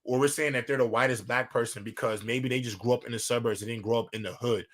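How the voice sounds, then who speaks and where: A man's voice: medium pitch, steady tone, fast, fairly bright tone. A man co-hosting a podcast, arguing his point emphatically in casual chat. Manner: emphatic, argumentative. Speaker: podcast co-host.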